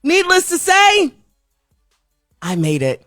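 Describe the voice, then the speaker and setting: A woman talk show host telling a comic story in a casual, animated way. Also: slow, soft background music. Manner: animated, comic storytelling with big pitch swings.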